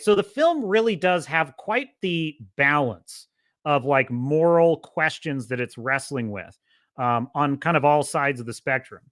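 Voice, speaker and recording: A man's voice: fairly high pitch, sharp tone, no echo, studio quality. Fired-up, profane male podcast host. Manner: impassioned, profane ranting. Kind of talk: casual movie commentary.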